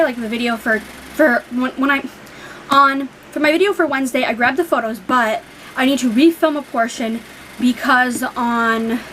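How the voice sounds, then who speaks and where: A woman's voice: high-pitched, a little hiss or hum, poor audio. A young woman vlogging casually, rambling with many fillers and free swearing. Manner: emotional, near tears. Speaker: book vlogger. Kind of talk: casual vlog talk.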